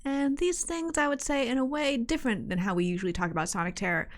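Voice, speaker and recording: A woman's voice: high voice, fast. A woman co-hosting a podcast, reviewing a metal album in casual, wry chat. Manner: chatty, wry, laughs often.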